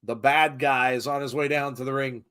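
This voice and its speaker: A man's voice: medium pitch, fairly even intonation, moderate pace, pushed and bright, smooth. A middle-aged American man chatting through a live wrestling watch-along. He rambles with lots of fillers and reads viewers' comments aloud as he goes. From United States. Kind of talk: casual live commentary chat.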